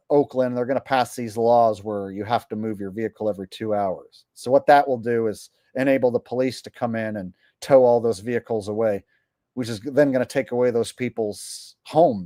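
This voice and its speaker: A man's voice: mid-range voice, moderate pace, warm tone, dry recording, clean studio sound. A man hosting a livestream with rambling, indignant, profane commentary. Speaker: livestream host.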